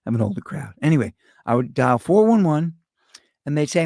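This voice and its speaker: A man's voice: fairly high pitch, lively intonation, brisk, gravelly, dark tone, dry recording, studio quality. A middle-aged man, hosting a show with a rambling, profane, sarcastic comedic rant. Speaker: podcast host.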